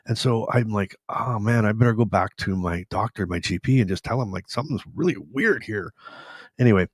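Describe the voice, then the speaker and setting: A man in his forties from Canada, hosting a live stream and candidly retelling his own story in a rambling, animated way. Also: on the low side, brisk, breathy edge, no echo, studio quality. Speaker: host.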